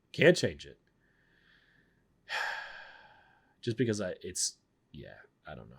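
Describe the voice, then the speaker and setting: A man's voice: fairly low pitch, very animated, takes it slowly, vocal fry, pauses often, breathy edge. A man streaming and chatting casually, rambling and blunt, often cutting himself off mid-sentence. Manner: blunt, rambling, self-interrupting. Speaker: streamer reviewing films. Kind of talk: casual chat.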